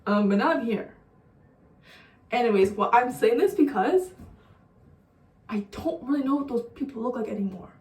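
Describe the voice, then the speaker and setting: High-voiced young woman telling a rambling story. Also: animated, normal speed, pauses often, darkish tone. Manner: rambling, profane, laughing storyteller. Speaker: vlogger. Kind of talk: casual storytime. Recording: roomy sound, distant mic.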